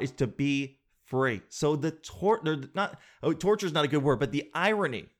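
A man from Canada hosts a podcast in a loose, joking chat. He talks in an animated, slangy way at a medium pitch. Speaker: podcast host.

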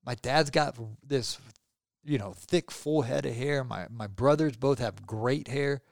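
A man's voice: mid-range voice, a little slow, gravelly, no echo. A middle-aged man hosting his podcast, talking in a rambling, upbeat, casual way with lots of fillers, close to the mic. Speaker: podcast host. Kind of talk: casual solo podcast outro.

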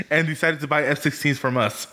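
A man's voice: fairly high pitch, fairly even intonation, normal speed, bright, forceful tone. A man co-hosting a podcast, telling anecdotes in a casual chat and laughing at his own jokes. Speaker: podcast co-host.

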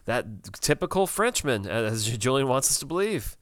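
Another podcast co-host chats about TV in a loose, casual recap, full of fillers, restarts and laughter. His voice sits mid-range with big pitch swings and a moderate pace, recorded at studio quality without any room sound.

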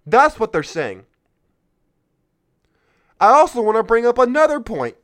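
High-voiced man ranting sarcastically. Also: big pitch swings, measured pace, a bit bright. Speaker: podcast host. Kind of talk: political commentary podcast.

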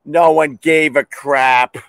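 A fairly high-voiced man hosts a loose, comedic monologue. He talks animatedly, ranting and exclaiming as he goes. The sound is dry and close. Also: slow pace, gravelly, no room sound. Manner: animated, exclaiming, breaking into laughs and shouted bits. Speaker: host.

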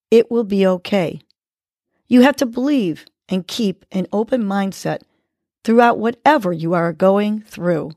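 A woman hosting a podcast, leading a breathing exercise and giving gentle, encouraging motivational words. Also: mid-range voice, dry recording. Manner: gentle, encouraging, slow and deliberate. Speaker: podcast host. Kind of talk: guided breathing and motivational talk.

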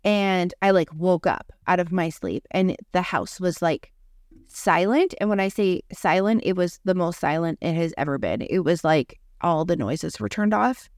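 A podcast host with a lowish, darkish, expressive voice speaks at normal speed in clean studio sound with no echo. She tells a personal story in a chatty, casual way, saying "like" constantly.

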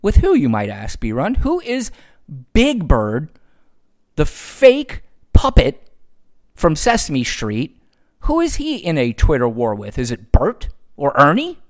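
A man's voice: fairly high pitch, huge pitch swings, unhurried. A man hosting a solo podcast, ranting sarcastically with frequent profanity. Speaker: podcast host.

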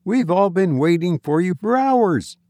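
A man reading a ghost story aloud, voicing a brash, cheerful young man who calls out loud and breezy. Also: high voice, animated, a little slow, no echo, clean studio sound, pitched above the performer's own voice.

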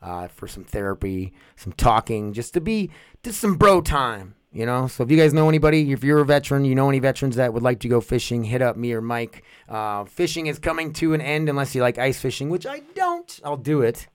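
A man's voice: mid-range voice, a little fast, smooth, no echo, clean studio sound. A man hosting his own podcast, rambling in a goofy, profane, casual way. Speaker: podcast host.

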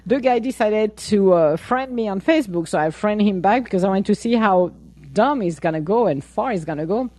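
A woman hosting a podcast, chatting casually and telling an animated story, laughing often and acting out her own replies. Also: mid-range voice, brisk, dry recording. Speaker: podcast host. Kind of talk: casual chat.

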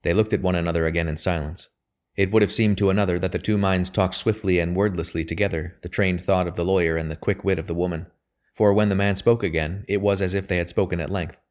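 Deep-voiced man reading a novel. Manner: steady, measured reading. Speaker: narrator. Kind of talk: audiobook narration of a period novel.

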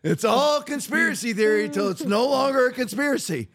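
A man's voice: extremely high pitch, animated, brisk, fairly bright tone, faint music behind. A man hosting a podcast, giving heated, emphatic political commentary. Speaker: podcast host.

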